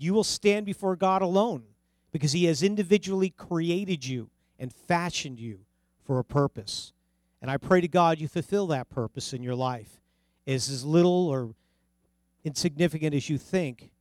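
A man's voice: on the high side, normal speed, a little mellow, no echo. A middle-aged man with a New Jersey accent preaching a sermon, telling stories earnestly and repeating phrases for emphasis.

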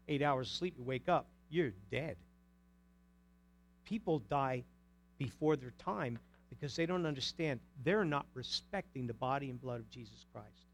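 A male pastor preaching an emphatic sermon, asking the congregation pointed rhetorical questions. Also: fairly high pitch.

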